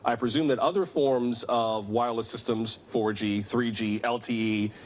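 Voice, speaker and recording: A man anchoring a news program, reading a scripted report and then questioning a guest in a clear, measured manner. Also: mid-range voice, fairly even intonation. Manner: clear, measured newsreader delivery.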